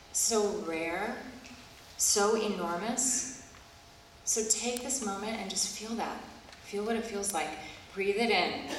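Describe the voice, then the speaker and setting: A woman's voice: medium pitch, recorded from a distance, slight background noise. Playful woman speaking in an echoey hall. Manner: warm, playful, emotional, self-deprecating. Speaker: commencement speaker. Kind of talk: commencement speech. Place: large auditorium.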